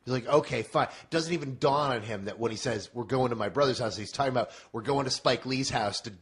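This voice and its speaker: A man's voice: mid-range voice, breathy edge. A man co-hosting a podcast, telling stories in casual chat and teasing his co-host. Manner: animated, teasing, quick to laugh.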